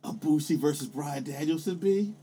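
A man chatting casually about wrestling, excitable and swearing, his voice jumping up when he gets hyped. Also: on the high side, normal speed, soft background music.

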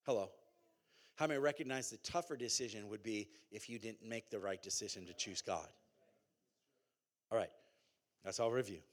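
A man preaching a sermon as pastor, in a conversational, animated way with call-and-response and repeated phrases. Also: fairly low pitch, moderate pace, pauses often.

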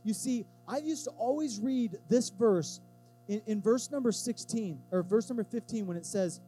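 A man preaching a sermon as pastor of a church, talking to the congregation in a relaxed, emphatic way and acting out quotes in lively voices. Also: sits high, moderate pace, faint music behind, low-quality recording.

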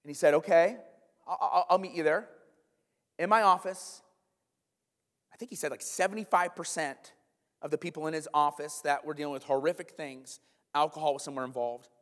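Male pastor, casual and animated sermon delivery, slightly higher voice, live in a reverberant hall. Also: brisk. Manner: animated, conversational preaching with asides to the room. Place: church hall, live congregation.

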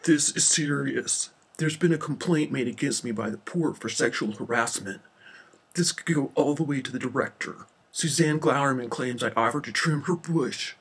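A man's voice: high voice, a little slow, few pauses, slightly rough. Man doing a brash, mocking male inspector. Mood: worried. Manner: mocking, surfer-ish drawl.

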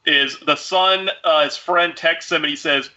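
A man's voice: a little high, fairly even intonation, unhurried, sharp tone. A man co-hosting a casual movie discussion, retelling the plot scene by scene and acting out the characters' lines. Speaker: podcast co-host. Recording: dull lo-fi sound.

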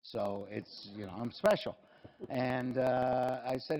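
A man's voice: medium pitch, takes it slowly, darkish tone, low-quality recording. An older man, a company chief executive telling rambling, self-deprecating and humorous anecdotes at a live fireside chat.

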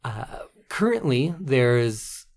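A man's voice: mid-range voice, sing-song, very slow, gravelly, darkish tone. A young Canadian man co-hosting a podcast, chatting casually in a wry, self-deprecating, rambling way. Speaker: podcast co-host.

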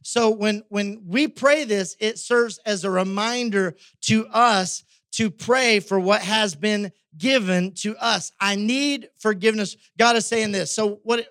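High-voiced male pastor preaching. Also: unhurried, few pauses, fairly bright tone, dry recording, studio quality. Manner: conversational, frequent tag questions. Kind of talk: sermon.

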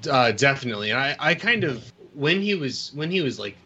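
Bright-voiced man, rambling podcast chat. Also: mid-range voice, sing-song, fairly quick, highs cut off. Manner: rambling, restarts, crude jokes. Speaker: podcast co-host. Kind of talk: casual movie discussion.

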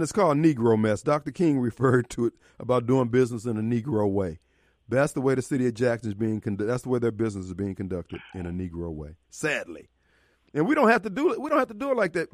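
A man's voice: medium pitch, dry recording, studio quality. A man with a Mississippi accent hosting a call-in radio talk show, blunt and preachy, with frequent laughs. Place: radio studio.

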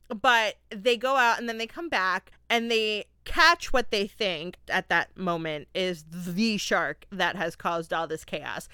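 A young woman from Florida hosting a podcast, casually reviewing a movie with lively laughter and acted-out quotes. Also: mid-range voice, smooth, no echo, studio quality. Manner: animated, laughing, acts out quotes. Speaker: podcast host.

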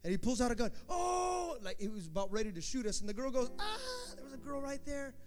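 A man preaching a sermon, telling stories with animated energy and acting out shouted quotes. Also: very high-pitched, quick pace. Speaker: pastor.

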